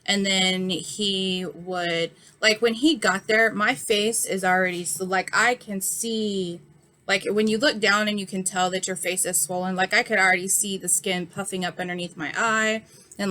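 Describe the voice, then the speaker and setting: A woman in her thirties, eye injured and swollen, tells the story of an incident in a casual vlog. Her mid-range voice holds a fairly even intonation at a normal speed with a sharp tone, and her storytime monologue is frank and heated, packed with fillers.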